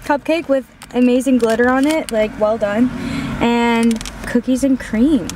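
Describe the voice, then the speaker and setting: A woman chatting casually on a handheld vlog camera, giggly and playful. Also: a little high. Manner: giggly, playful, slow-spoken. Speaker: vlogger's partner. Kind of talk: casual chat. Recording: outdoor noise in background.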